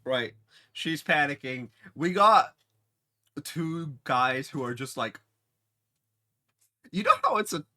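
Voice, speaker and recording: A man talks through a TV episode in a loose, unscripted recap. He speaks slowly and often stops to restart his sentences with ums and uhs. His voice has a bright, forward edge. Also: a little high, expressive. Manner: rambling, many fillers and restarts. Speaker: TV episode reviewer. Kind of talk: casual spoken episode recap.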